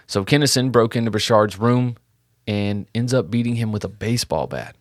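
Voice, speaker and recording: A man co-hosting a true crime podcast, retelling the case in a relaxed, casual way and swearing now and then. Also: lowish voice, moderate pace, dry recording, clean studio sound. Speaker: podcast co-host.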